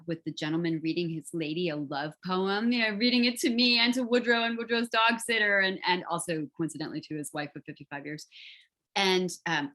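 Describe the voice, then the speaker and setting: A woman's voice: lowish voice, fairly bright tone. A woman author on a video call, telling a personal story in a reflective, vivid way with some fillers. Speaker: author guest.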